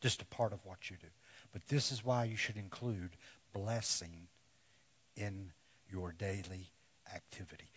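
A man preaching a sermon to men in slow, deliberate phrases that often sink to a hush. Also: fairly low pitch, husky, dull audio. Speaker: pastor.

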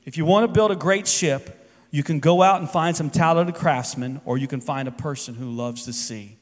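Male pastor, sermon, higher voice, long hall reverb, big swings from loud to soft. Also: moderate pace. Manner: swings between loud emphatic peaks and quiet, soft asides.

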